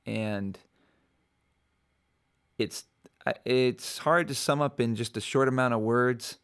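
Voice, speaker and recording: A man's voice: medium pitch, slow, fairly bright tone, clean tone. Rambling, reflective man hosting a podcast. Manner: rambling, many restarts and fillers; reflective, easygoing. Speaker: podcast host. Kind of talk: casual solo podcast monologue.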